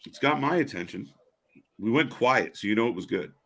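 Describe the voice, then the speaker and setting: A man's voice: lowish voice, animated, brisk, a bit bright. A man co-hosting a casual live wrestling commentary stream, blunt and opinionated, swearing now and then. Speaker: co-host.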